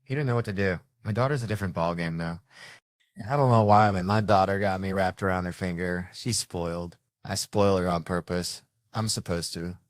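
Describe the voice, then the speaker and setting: A man doing stand-up comedy, telling stories in a loose, conversational way with animated asides. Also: low voice, moderate pace, no echo, studio quality.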